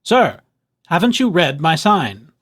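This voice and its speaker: A man voicing a small, brave male mouse dentist in a storybook reading, giving brisk, firm instructions. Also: a little high, very animated, fairly bright tone, husky, heavily acted. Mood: alarmed.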